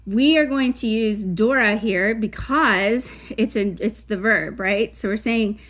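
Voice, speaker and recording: A woman's voice: medium pitch, unhurried, fairly bright tone. A woman Spanish teacher giving a recorded lesson, chatty, correcting herself, with Spanish terms mixed into her English.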